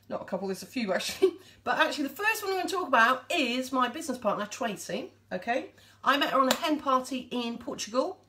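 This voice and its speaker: A woman's voice: sits high, sharp tone. A woman chatting casually to viewers on a live stream, addressing them directly as she talks.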